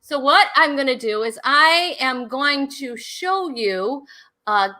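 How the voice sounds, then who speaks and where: Woman host, bright and bubbly, chatty with guests over a video call. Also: high voice, lively intonation, slow. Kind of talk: casual chat on a live video show.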